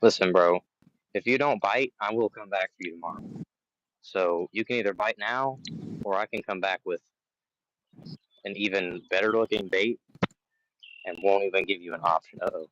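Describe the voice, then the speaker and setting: Outdoors by the water, a man hosts a casual live fishing stream and teases the fish he's after. His voice sits low and a bit bright, his pace is moderate with frequent pauses, and the high frequencies are cut off.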